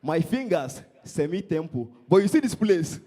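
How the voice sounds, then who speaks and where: A young Nigerian stand-up comedian with a Nigerian accent banters with a live crowd and pokes fun at people. His high, dark-toned voice swoops up and down constantly, very animated at a moderate pace.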